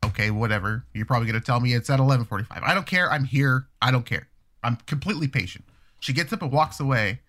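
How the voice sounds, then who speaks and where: A man in his thirties telling stories in casual chat, animated and profane, acting out other people's voices. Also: medium pitch, quick pace. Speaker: podcast co-host telling stories.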